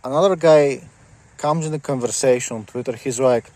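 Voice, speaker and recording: A man rants to the camera in a loose, rambling way with a sarcastic, mocking edge. His voice sits at an everyday middle pitch for a man. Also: moderate pace, dark tone. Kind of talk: casual rant to camera.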